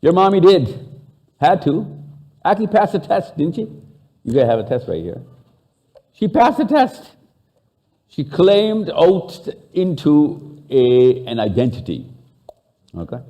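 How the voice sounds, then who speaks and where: A man's voice: on the high side, very animated, unhurried, mellow. A man from Pakistan with a Pakistani accent, giving a live talk to an audience and bantering with them, switching into Urdu and Hindi. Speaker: speaker.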